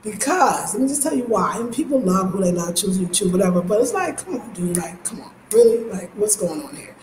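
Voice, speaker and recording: Black american lady in her 50s riffing to camera, animated and emphatic, echoey room, bit of noise. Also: mid-range voice, fairly quick. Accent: African American. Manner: animated storytelling, emphatic, laughs and swears freely. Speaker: lifestyle channel host. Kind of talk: casual monologue.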